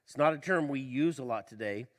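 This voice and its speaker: A male pastor preaching a sermon, asking the congregation questions and swinging between loud emphasis and quiet low lines, with a slight cough. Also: lively intonation, a little fast. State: slight cough, tickle in throat. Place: church.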